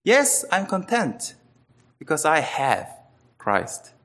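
Slow, bright-voiced man preaching. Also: on the high side, wildly swooping pitch. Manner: earnest, emphatic, with wide swings between loud and quiet. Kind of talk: sermon.

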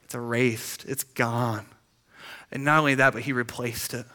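A man preaching a sermon in a conversational way, with quick restarts and rhetorical questions. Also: medium pitch, fairly even intonation, sharp tone. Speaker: pastor.

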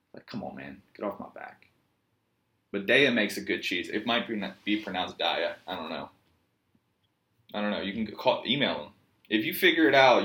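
A man's voice: low-pitched, pushed and bright. A man from Virginia with a Virginian accent, a yoga teacher telling a rambling, joking story in a casual monologue. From Virginia, USA. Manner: joking, meandering, self-mocking storyteller.

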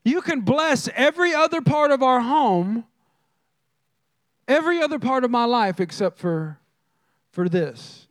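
A man's voice: extremely high pitch, no room sound, studio quality. A man preaching a sermon, telling funny stories and drawing in the crowd with questions. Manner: animated, engages the crowd with questions. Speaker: pastor. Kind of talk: humorous storytelling sermon.

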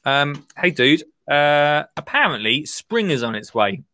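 Bright-voiced chummy man. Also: on the high side, big pitch swings, a little slow. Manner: rambling, laughs easily, chummy. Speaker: podcast host. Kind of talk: casual chat.

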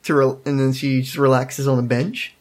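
A man's voice: mid-range voice, little pitch movement. A man in casual chat, recapping a cartoon episode with friends, laughing often and quoting characters. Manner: laughs often, quotes characters in quick put-on voices. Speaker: podcast co-host.

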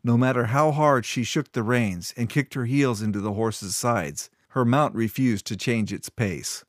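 A man narrating a fantasy story in a steady storytelling read. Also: mid-range voice, a little slow, no echo, clean studio sound. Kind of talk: scripted narration.

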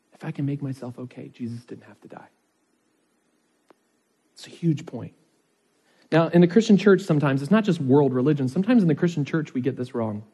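A man's voice: fairly high pitch, darkish tone, slightly rough, long reverb tail. A man preaching a sermon as pastor. He talks conversationally and often checks in with "right?".

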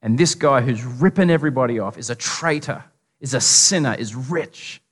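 A man's voice: medium pitch, moderate pace, slightly rough. A man with an Australian accent preaching a casual, humorous sermon, full of stories and asides. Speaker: pastor. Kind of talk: conversational sermon. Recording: long reverb of a large hall.

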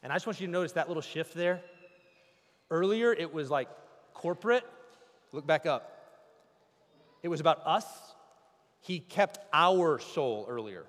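A man preaching a sermon as pastor, swinging from loud cries to hushed, intimate speech. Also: on the high side, lively intonation, moderate pace, pauses often, in a large hall.

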